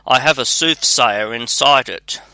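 A man's voice: medium pitch, unhurried, sharp tone, no room sound. A man voicing a sly, clever little peasant in a read-aloud storybook, in a plain reading manner.

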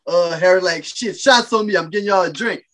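A man hosting a casual podcast, telling a rowdy story with loud animated bursts and laughter. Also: high-pitched, a little fast. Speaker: podcast host.

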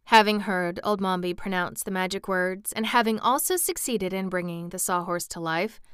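A woman reads a children's storybook aloud with a steady, expressive delivery. Her voice is bright and exceptionally clear, recorded close with no room echo. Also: lowish voice. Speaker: narrator. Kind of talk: storybook reading.

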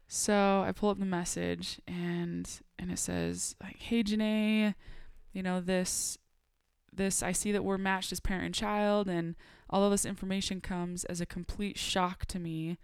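A young adult woman on a podcast telling a personal story in a casual, animated way. She laughs often and acts out the dialogue she quotes. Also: medium pitch, unhurried, clear, resonant tone, no echo, clean studio sound. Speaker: podcast guest.

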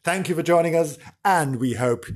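A man's voice: fairly high pitch, moderate pace, breathy edge. A man hosting a podcast in casual comic chat, giggly, gushing and theatrical. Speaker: podcast host.

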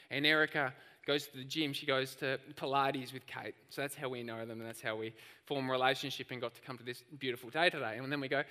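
A man preaching a sermon, telling stories in an animated, lively way. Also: a little high, fast talker, hardly any pauses, big-room sound. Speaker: pastor.

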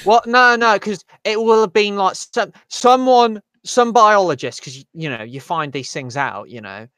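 A man's voice: sits high, expressive, normal speed, a bit bright, clear, resonant tone, dry recording. A man in casual chat, stammering and rambling with crude language.

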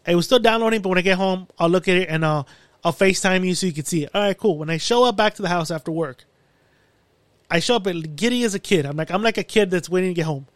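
A man's voice: high voice, fast, no echo. A man hosting a podcast, telling a long story in a casual way, swearing often and acting out what he and others said. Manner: animated, swears often, retells his own quotes. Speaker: podcast host. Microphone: studio mic.

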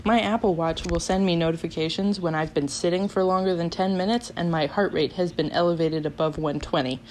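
A woman in her twenties casually telling a story on a podcast, animated, laughing often and acting out what people said. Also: on the low side, a little fast, a little hiss or hum, low-quality recording. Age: 20s.

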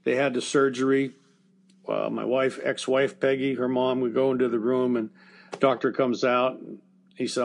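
A man's voice: mid-range voice, fairly even intonation, measured pace, vocal fry, pauses often. An older man, a former baseball coach, telling a personal story in an interview in a plainspoken, conversational way with fillers and restarts. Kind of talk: emotional storytelling in a podcast interview.

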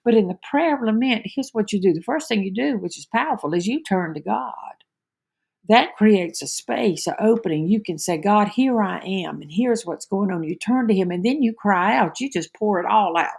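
A woman's voice: medium pitch, expressive, normal speed, vocal fry, a little mellow, husky. A woman giving an earnest devotional talk, often repeating words as she starts a phrase. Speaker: devotional speaker.

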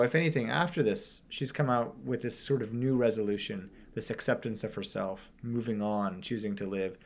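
A man in a casual podcast discussion, talking in an animated, loose way and swearing freely. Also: fairly low pitch.

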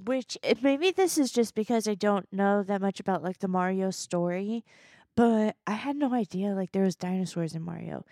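A woman's voice: medium pitch, moderate pace, dark tone, dry recording, clean studio sound. A woman co-hosting a comedy podcast, chatting about a movie in a giggly way and trailing through her thoughts. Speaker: podcast co-host. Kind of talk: casual comedic movie review chat.

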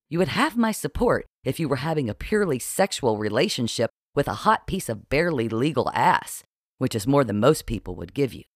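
A man voicing a blunt, sarcastic, scolding middle-aged woman in an audiobook, forceful and bossy. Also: medium pitch, no echo, studio quality. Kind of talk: audiobook character voice.

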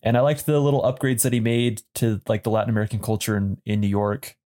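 A man's voice: fairly low pitch, little pitch movement, quick pace, mellow. A man in his thirties on a casual movie podcast, thoughtful and hesitant with many ums and restarts. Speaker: podcast co-host.

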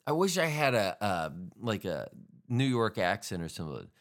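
Alone on his podcast, a host with a lowish voice and big pitch swings rambles casually at normal speed, joking around and swearing freely.

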